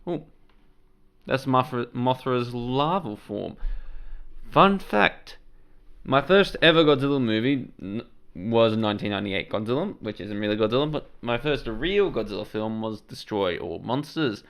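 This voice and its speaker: Casual reaction host: a man of Serbian background, mid-pitched and smooth, rambling and swearing as he reacts to a trailer. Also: lively intonation, measured pace, fairly bright tone. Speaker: channel host.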